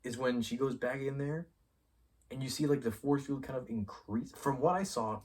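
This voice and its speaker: A man hosting his own review show, chatting casually and excitedly, swearing freely and rambling as he thinks aloud. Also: medium pitch, moderate pace, husky, recorded from a distance. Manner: excitable and profane, acts out characters' lines mid-sentence. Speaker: YouTube show host reviewing a TV episode. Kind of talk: casual spoiler review talk.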